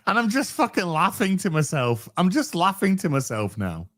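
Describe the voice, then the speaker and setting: Animated sarcastic British man. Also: high-pitched, moderate pace. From Britain. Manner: sarcastic, swears often, acts out both sides of a story. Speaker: podcast host. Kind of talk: casual storytelling chat.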